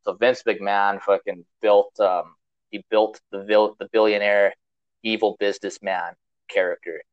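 Low flat-voiced man telling a story. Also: a little slow, no room sound, dull audio. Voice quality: profane, rambling with frequent fillers. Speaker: podcast host. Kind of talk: casual storytelling.

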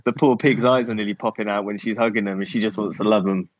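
Cornish guy on a podcast, lowish voice, keeps restarting, dry slightly dull audio. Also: steady tone, dry recording. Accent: Cornish English. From Cornwall, England. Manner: halting, self-interrupting, chuckles often. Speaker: podcast guest. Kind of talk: casual conversation.

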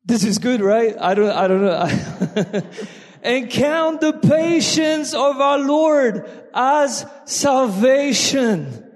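A slow-paced man with a high voice and a French accent preaches in a church, pressing his points with emphasis and bursts of shouted praise. His words ring out with a long reverb across a large hall. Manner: emphatic, restarts often, breaks into shouts of praise. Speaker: guest preacher. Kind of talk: sermon. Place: church sanctuary.

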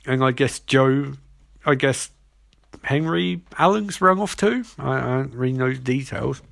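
A man's voice: mid-range voice, a little slow, gravelly, fairly bright tone, no echo, studio quality. A man giving a rambling, profane, jokey recap of a television episode. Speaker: show recapper. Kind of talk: casual comedic episode recap.

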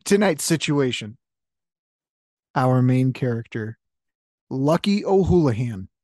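A man's voice: mid-range voice, lively intonation, slow, mellow, no echo, clean studio sound. A man hosting a comedy improv game, joking and laughing often between lines. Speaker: host of a comedy game show.

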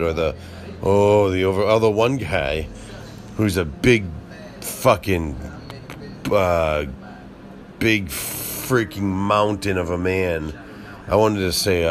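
A man in his thirties talking in a rambling solo monologue, profane and interrupting himself constantly. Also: sits low.

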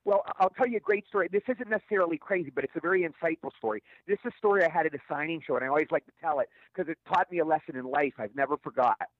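A middle-aged man, an actor guest, telling stories in an interview in a rapid, stammering way with repeated words. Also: a little high, dry recording. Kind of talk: storytelling interview answers. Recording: tinny phone line, dry.

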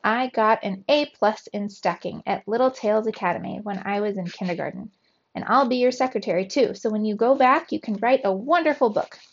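A woman voicing a small, excitable boy mouse who talks in a squeaky voice and is eager to please. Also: fairly quick, muffled recording, close to an everyday voice.

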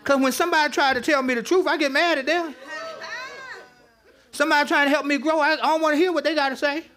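High-voiced pastor preaching with humor. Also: male voice, fairly even intonation, fast, sharp tone. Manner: conversational, joking with the congregation. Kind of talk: interactive sermon. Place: church with live congregation.

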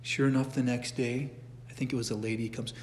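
A middle-aged man teaching a catechism class in a church, speaking at an everyday pitch. He talks conversationally, often breaks off to restart a sentence, and drops in casual asides. His voice carries a long echo from the church hall. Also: little pitch movement, brisk, heavy background noise. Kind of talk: informal church class lecture.

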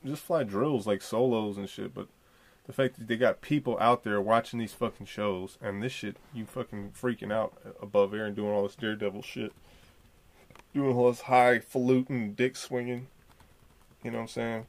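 A man's voice: on the low side, fairly even intonation, normal speed. A man hosting his own podcast solo, talking in a profane, slangy, rambling way. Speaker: podcast host. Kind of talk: solo casual podcast commentary.

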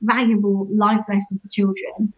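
A woman's voice: mid-range voice, little pitch movement, normal speed. A woman, a divorce coach guest in a casual interview, animatedly telling stories and acting out quotes. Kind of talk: conversational interview. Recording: slightly dull lo-fi sound.

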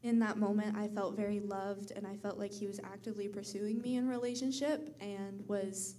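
A woman's voice: mid-range voice, level tone, mellow. A teenage girl shares a personal story in front of a church crowd. She is bubbly and chatty, and fills her speech with "like". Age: teens. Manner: bubbly, many likes and quick laughs. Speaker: pastor's daughter.

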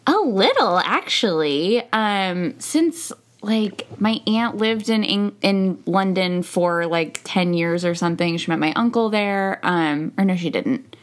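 A woman's voice: mid-range voice, animated, slow pace. A young adult woman chatting casually as a podcast co-host, rambling and correcting herself as she goes. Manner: rambling, self-correcting, fillers. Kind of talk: casual chat.

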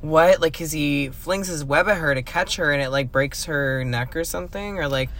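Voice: medium pitch, moderate pace, fairly bright tone. A young adult co-host gushing casually about a film, with lots of fillers and restarts. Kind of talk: casual movie review chat.

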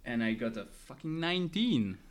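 Man running a tabletop game, mid pitch, casual, faint hiss behind. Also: very animated, moderate pace. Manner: casual, describing action with restarts and swearing. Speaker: game master.

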